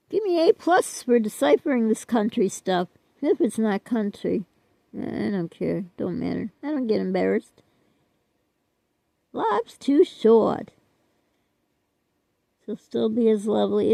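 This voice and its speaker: Chatty older woman with a gravelly voice. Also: on the high side, dry recording, low-quality recording. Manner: chatty, self-deprecating, trailing off with "I don't know". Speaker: vlogger. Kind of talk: rambling casual chat to viewers.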